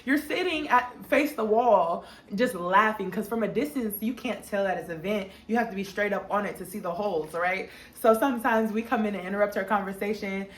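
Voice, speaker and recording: Young woman vlogger, casual storytime, slangy and animated, mid pitch, roomy echo. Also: a little fast, few pauses, a little hiss or hum. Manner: animated, slangy, acts out quotes in a high voice. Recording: echoey room.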